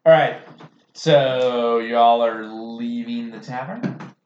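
A man narrating as game master of a tabletop game, unhurried with dry humor. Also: medium pitch, a little mellow, a little hiss or hum. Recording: echoey muffled room mic.

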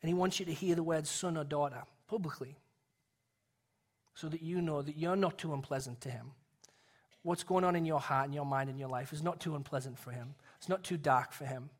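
Guy preaching a sermon, kinda high voice, earnest, goes real soft and quiet to make a point. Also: a little fast. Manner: earnest, drops to a soft hush for emphasis. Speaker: pastor.

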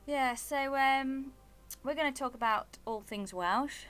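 A woman's voice: high-pitched, slow pace, fairly bright tone, clean tone, faint music behind. A woman co-hosting a casual podcast chat, chatty and teasing as she talks through food and customs. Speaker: podcast co-host. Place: home in Wales.

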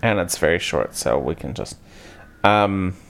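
A man co-hosting a casual chat podcast, recapping a book in an animated, rambling way full of restarts. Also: sits low, measured pace, gravelly. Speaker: podcast co-host.

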